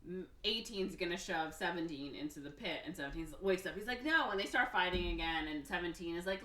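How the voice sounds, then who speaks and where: Woman podcast host, casual and animated plot recapper, low-ish voice, roomy sound a little away from the mic. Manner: animated retelling with quick voices for characters. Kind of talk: casual chat. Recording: echoey room, somewhat far from mic.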